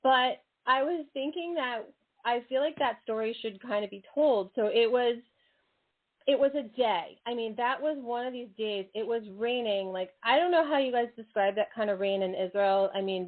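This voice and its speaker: A woman's voice: medium pitch, normal speed. A woman hosting a radio show in casual interview chat, bubbly and chatty with frequent laughs and exclamations. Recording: tinny phone-like line.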